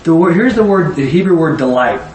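Middle-aged guy preaching, kinda high voice, roomy echo, sounds a bit far from the mic. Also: fairly quick. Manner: animated, swings from low musing to high emotional exclamations. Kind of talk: informal Bible teaching. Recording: echoey room, mic at a distance, faint ambient noise.

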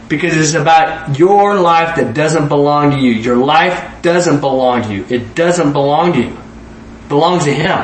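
A man preaching a sermon in an animated way, acting out dialogue in voices and laughing often. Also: on the high side, unhurried. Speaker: pastor. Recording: echoey room with faint ambience.

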